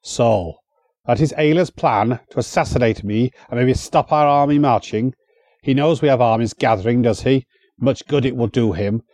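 A man's voice: medium pitch, normal speed, a little mellow, no echo, studio quality, lightly acted. A man voicing a one-eyed, commanding warlord chieftain in a storybook reading, his voice raised and angry. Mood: threatening. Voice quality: furious, commanding.

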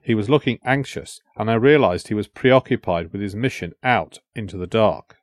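A man reading a historical adventure novel aloud in a measured storytelling voice. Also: on the low side, no echo, studio quality. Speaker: audiobook narrator. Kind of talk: storytelling narration.

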